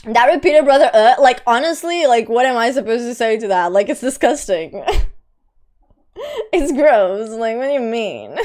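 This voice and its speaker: A woman's voice: a little high, expressive, moderate pace, a little mellow. A young woman from Lisbon with a light Portuguese accent, a streamer chatting casually with her viewers. She laughs often and swears casually. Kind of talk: casual live-stream chat.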